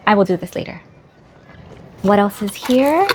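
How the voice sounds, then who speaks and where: A woman's voice: medium pitch, expressive, normal speed, long pauses, background noise. A woman filming an unboxing vlog, gushing, gasping and squealing with delight. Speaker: vlogger.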